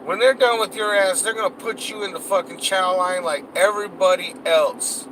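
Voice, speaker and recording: A man's voice: sits high, normal speed, background noise. A man delivering a heated, profanity-laced rant, cursing and repeating himself as he vents. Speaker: political vlogger.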